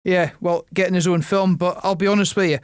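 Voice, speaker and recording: Scottish guy, pretty high voice, crude jokes n laughing, dry close sound. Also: fairly even intonation, a little fast, clear, resonant tone, no echo. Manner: crude banter, laughs often, puts on silly voices. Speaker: podcast co-host. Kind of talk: casual comedic chat.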